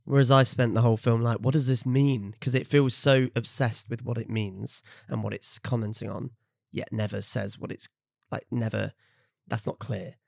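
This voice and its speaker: A man's voice: on the low side, flat delivery, moderate pace, gravelly, hardly any pauses, dry recording, clean studio sound. A man co-hosting a podcast, chatting casually about films and laughing often. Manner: chatty, laughs often, talks through film opinions. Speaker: podcast co-host. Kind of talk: casual chat.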